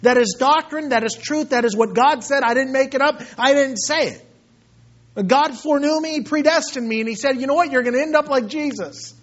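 A male pastor delivers a sermon in a strikingly high voice, swinging from quiet, earnest passages to loud, fervent outbursts. The recording is dull and lo-fi. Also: moderate pace. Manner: impassioned, swinging from hushed to loud.

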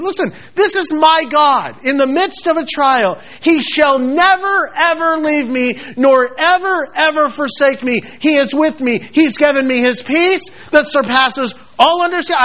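A man's voice: very high-pitched, unhurried, hardly any pauses, bright, forceful tone. A man preaching a sermon with passion, repeating phrases and acting out quoted scripture. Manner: passionate, repetitive, quotes scripture in acted voices. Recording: dull lo-fi sound.

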